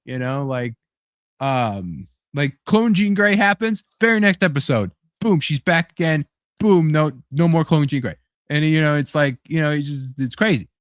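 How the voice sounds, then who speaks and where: A man hosting a casual chat show, talking excitedly and rambling with lots of fillers and swearing. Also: on the high side, moderate pace, no room sound, clean studio sound. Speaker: podcast host.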